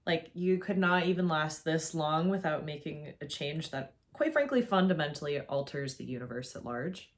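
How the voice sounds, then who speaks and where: A young woman with a low voice talks through her video essay at home, chatty and opinionated. She fills her thoughts with "like" and keeps it casual, speaking into a camera. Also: animated, normal speed, hardly any pauses. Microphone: facing a camera.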